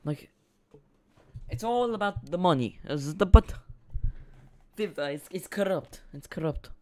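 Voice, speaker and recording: Rambling streamer chatting about football. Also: male voice, high voice, unhurried. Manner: rambling, excitable banter with viewers. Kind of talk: live football watch-along chat.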